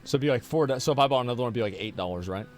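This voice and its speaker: A man's voice: mid-range voice, animated, rapid-fire, faint music behind. A man streaming live, chatting casually and reading chat messages in a sarcastic, profane, rambling way.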